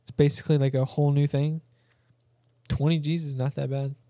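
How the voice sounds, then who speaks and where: A man's voice: a little high, level tone, a little fast, dark tone, no echo, clean studio sound. A man co-hosting a podcast in casual chat, rambling and joking with frequent laughs. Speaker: podcast co-host.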